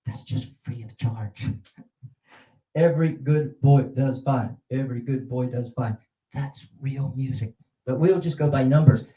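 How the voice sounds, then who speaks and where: A man leading a teaching seminar, animated and demonstrative, with sudden jumps in pitch. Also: a little slow. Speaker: teacher trainer. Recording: roomy echo.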